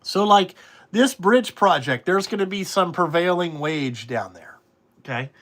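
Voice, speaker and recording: A man's voice: sits high, animated, measured pace, fairly bright tone. A man who runs a trucking business, talking in a blunt, rambling way and swearing freely in casual podcast conversation. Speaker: trucking company owner.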